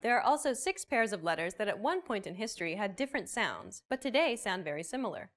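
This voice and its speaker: A woman's voice: mid-range voice, big pitch swings, fast. A woman hosting and narrating a scripted language lesson, explaining points and recapping. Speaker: lesson host.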